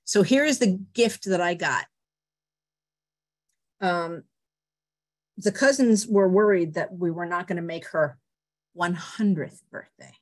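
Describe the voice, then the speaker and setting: A middle-aged woman telling personal stories on a video call, animated and laughing often. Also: fairly low pitch, slow, pauses often. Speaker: guest speaker. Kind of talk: personal storytelling.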